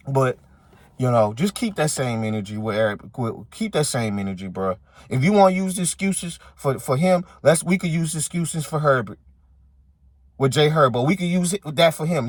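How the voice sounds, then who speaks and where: A man's voice: fairly high pitch, dry recording. Heated man ranting about football. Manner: heated, repetitive, talks straight to viewers. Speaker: sports commentary channel host. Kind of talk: casual sports opinion rant.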